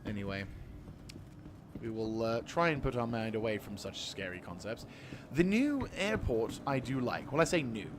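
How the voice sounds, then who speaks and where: A man's voice: mid-range voice, very animated, normal speed, noisy background. A British man in his thirties streaming a game, talking in a rambling, sweary and self-deprecating way. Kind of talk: casual gameplay commentary.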